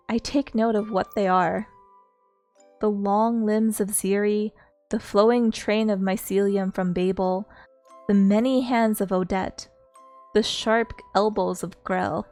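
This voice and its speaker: Slow, earnest woman streamer reading aloud. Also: mid-range voice, steady tone, darkish tone, soft background music.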